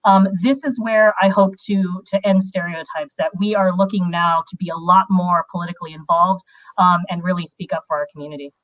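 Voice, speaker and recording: A woman's voice: lowish voice, steady tone, fairly quick, no echo, lo-fi sound. A Filipino American woman in a casual livestream discussion, speaking earnestly and with emphasis. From United States. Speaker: panelist.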